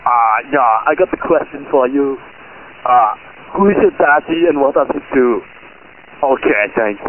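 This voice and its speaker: A gruff tough guy with a fake, heavy action-star accent, as a male caller puts him on. He sounds thin and tinny, like a phone call, with faint music playing behind him. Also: medium pitch, a little slow, lightly acted. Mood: mock-tough. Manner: stilted, put-on heavy accent.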